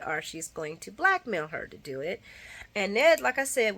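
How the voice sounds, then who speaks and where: A woman giving a casual, opinionated recap of a soap opera, chatting in slang and acting out the characters' lines with big jumps in pitch. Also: a bit bright.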